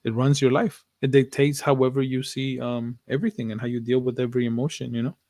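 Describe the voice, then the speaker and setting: A man's voice: medium pitch, level tone, fast, a little mellow, no echo. Earnest man on a dry-sounding mic. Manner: earnest and reflective, swears casually, some Spanish. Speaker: podcast co-host. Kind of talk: casual chat.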